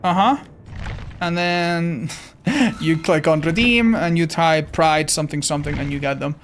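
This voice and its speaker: A man streaming live gameplay, commenting excitably, swearing often and talking to his chat. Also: on the high side, a little slow, faint music behind. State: tired.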